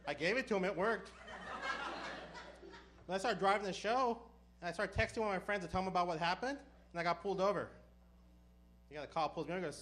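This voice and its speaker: A man doing a stand-up comedy set, telling stories with deadpan punchlines. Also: sits high. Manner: deadpan punchlines, brisk storytelling.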